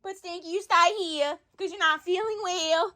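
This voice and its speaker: A woman's voice: very high voice, normal speed, pushed and bright. Bridget, a folksy farm woman, as a woman puts her on. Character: cheerful flirty country farm woman who yells at her animals.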